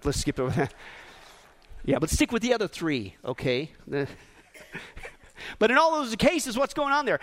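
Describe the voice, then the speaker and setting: Pastor guy preaching, high voice that swoops all over, acts out rude folks then goes low and quiet. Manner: animated preaching, mocking impressions of rude servants, drops to quiet emphasis. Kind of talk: sermon.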